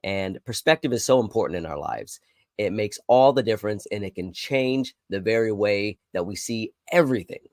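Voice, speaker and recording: A man's voice: fairly low pitch, animated, normal speed, no echo, clean studio sound. Earnest man hosting a devotional podcast. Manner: earnest, encouraging, emphatic on key words. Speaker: podcast host.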